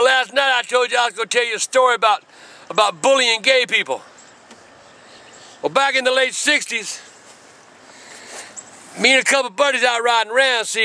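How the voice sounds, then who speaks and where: An older man, telling a profane story in a gruff voice and breaking into shouts. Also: sits high. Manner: gruff, cursing, bursts into shouts. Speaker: grandfather telling stories.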